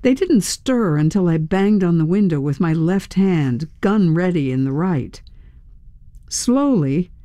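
A woman reading a first-person audiobook in a measured way, with tense dramatic pauses. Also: fairly low pitch, warm tone, no room sound, studio quality. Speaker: audiobook narrator.

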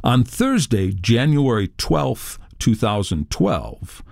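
Brief: male audiobook narrator, measured journalistic read, lively intonation, dry close. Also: on the low side, vocal fry, dry recording. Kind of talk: scripted nonfiction audiobook narration.

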